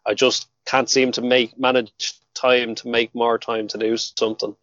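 A man's voice: medium pitch, flat delivery, moderate pace, fairly bright tone, dry recording. A man hosting a podcast, talking casually and plainly with some swearing. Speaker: podcast host. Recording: dull, dry lo-fi sound.

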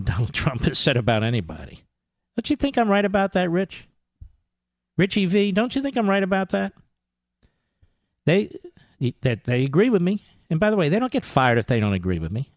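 A man's voice: high voice, no room sound, clean studio sound. A male talk radio host delivering a combative, sarcastic political monologue, mocking his critics with impressions.

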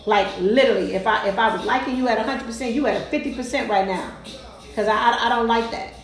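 A woman's voice: a little high, fast, echoey room, rough recording. Emphatic woman telling a personal story. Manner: emphatic, repetitive, colloquial.

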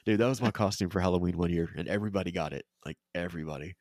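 Deep-voiced laughing male podcast host. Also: rapid-fire, no room sound, studio quality. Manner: laughs a lot, quotes movie lines in loud put-on voices. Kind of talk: casual chat.

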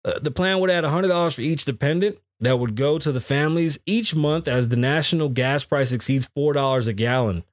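A man's voice: on the high side, a little fast, few pauses, no room sound, studio quality. A man hosting a casual podcast, reading news stories aloud and cutting in with blunt, profane, mocking comments. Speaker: podcast host.

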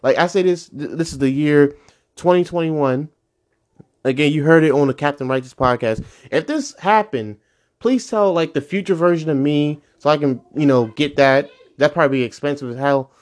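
Young male podcaster, loose and profane, spikes high when riled. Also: moderate pace. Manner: animated, profane, pitch jumps high when annoyed. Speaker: podcast host. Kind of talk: casual solo podcast rant.

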